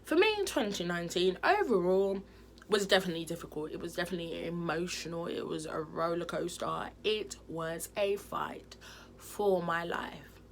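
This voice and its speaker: A woman vlogging at home in a loose, candid chat. She talks frankly and expressively, in a fairly low voice, with faint noise behind her. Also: normal speed. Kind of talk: candid casual chat to camera.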